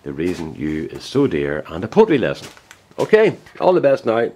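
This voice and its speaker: A man's voice: low voice, huge pitch swings, moderate pace, dark tone. A man, a woodturner chatting casually in his shed in a rambling, folksy way and correcting himself as he goes. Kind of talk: casual workshop vlog. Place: indoor woodworking shed.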